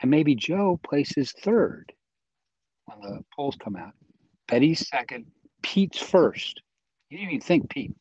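A man's voice: on the high side, very animated, takes it slowly, long pauses, a little mellow, slightly rough, no echo, highs cut off. A man interviewed as a guest, earnestly and persuasively explaining his views in a conversational way. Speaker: interview guest, voting reform advocate.

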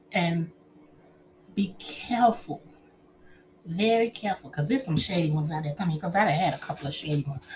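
A middle-aged woman shares personal stories and relationship advice with an audience, chatting expressively and calling her listeners "honey" and "child." Her voice sits on the low side, with a slight hiss or hum in the background.

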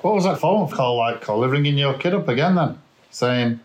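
A man co-hosts a podcast and asks questions in a casual, probing way. He thinks aloud while he frames each point. His voice is mid-pitched for a man. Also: lively intonation, normal speed. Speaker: podcast co-host. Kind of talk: conversational interviewing.

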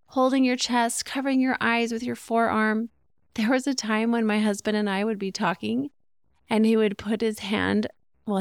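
A woman's voice: on the high side, vocal fry, no room sound, clean studio sound. A middle-aged woman hosting a solo podcast, explaining ideas conversationally and asking rhetorical questions. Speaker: podcast host.

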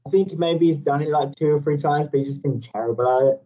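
A man's voice: a little high, fast talker, mellow. A man chatting casually on a podcast, rambling and playful, often laughing. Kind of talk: casual chat. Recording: dull lo-fi sound.

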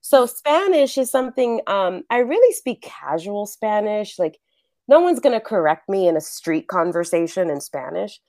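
Woman, middle-aged, actress and acting teacher, lively chat, frequent laughs, dry close recording. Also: medium pitch, moderate pace, no echo. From The Bronx, New York. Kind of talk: casual interview chat.

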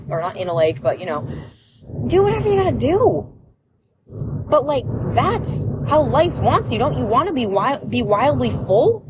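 A young woman hosting a podcast in an energetic, casual motivational monologue, repeating phrases and laughing often. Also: fairly high pitch, background noise. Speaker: podcast host, business coach.

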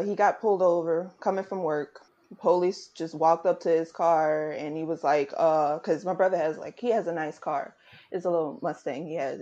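A woman's voice: fairly low pitch, warm tone. A woman in her twenties telling a story in candid conversation, indignant and frank. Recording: muffled lo-fi audio.

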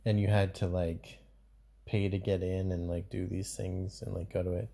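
A man's voice: deep voice, flat delivery, normal speed, vocal fry, warm tone. A man co-hosting a podcast in casual chat, talking in a loose, rambling way with lots of fillers. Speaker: podcast co-host.

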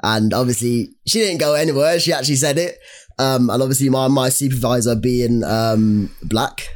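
A young man co-hosting a casual podcast tells a story loaded with slang and restarts. His voice is mid-range and his pace moderate.

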